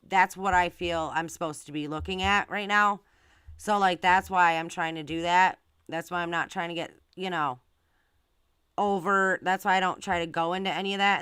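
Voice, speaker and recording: Channel host, female, lowish voice with a crisp, clear tone; chatty, filler-heavy talk aimed straight at her audience. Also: fairly bright tone, dry recording. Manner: rambling, filler-heavy, talks to viewers directly. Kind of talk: casual live-stream commentary.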